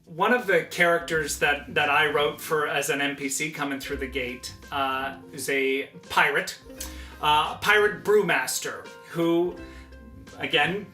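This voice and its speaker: A male game writer and voice actor chats animatedly and laughs often. His voice sits a bit high and bright. The room echoes, with soft music behind him. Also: a little slow. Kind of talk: casual chat.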